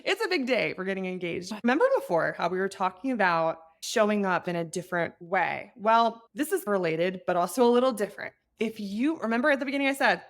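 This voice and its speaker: A woman's voice: mid-range voice, lively intonation, fairly quick, few pauses. A woman in her thirties hosting an advice podcast, talking in an earnest, chatty way that turns emotional at times. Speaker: podcast host.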